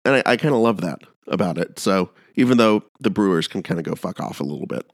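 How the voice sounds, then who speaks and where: Rambling, animated low-voiced man. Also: quick pace, dry recording, studio quality. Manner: animated, rambling, restarts a lot. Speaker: podcast co-host. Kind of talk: casual podcast chat.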